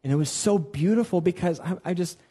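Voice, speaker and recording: A man's voice: high voice, a little fast, breathy edge. A man preaching a conversational sermon as a worship pastor, telling stories and acting out the voices of the people he quotes. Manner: animated storytelling, acts out quoted voices. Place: church sanctuary.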